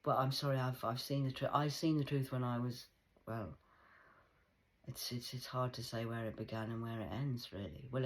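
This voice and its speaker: Forties woman venting, low voice, blunt and heated, swears a ton. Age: 40s. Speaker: vlogger. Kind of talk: angry casual monologue.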